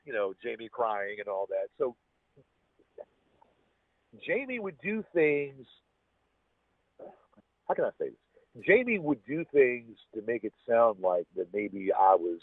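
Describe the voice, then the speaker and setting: A man with a husky voice, a podcast guest telling a personal story in a rambling way, restarting his sentences often. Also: mid-range voice, no echo. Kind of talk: casual storytelling. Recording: tinny, phone-like dry sound.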